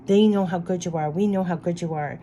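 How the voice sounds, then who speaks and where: A woman with a low, mellow, warm voice reads spirit cards aloud for the viewer. She sounds earnest and heartfelt, circling back to the same reassuring phrases over and over. Faint noise sits underneath her. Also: brisk. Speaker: spirit card reader. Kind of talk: intuitive card reading addressed to the viewer.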